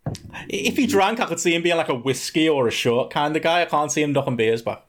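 A man's voice: fairly high pitch, animated, fairly quick, slight background noise. A man hosting a casual podcast chat, laughing often and steering the conversation along. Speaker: podcast host.

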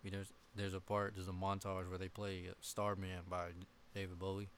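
A young man in casual chat with friends, swearing often and laughing as he tells animated stories. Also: sits low, brisk, a little hiss or hum. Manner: profane, laughing, animated storytelling.

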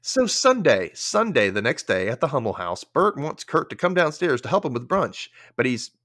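Animated man recapping a show. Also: moderate pace, no echo, studio quality. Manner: animated, acts out characters' lines with big pitch jumps. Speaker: podcast host. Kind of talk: casual recap chat.

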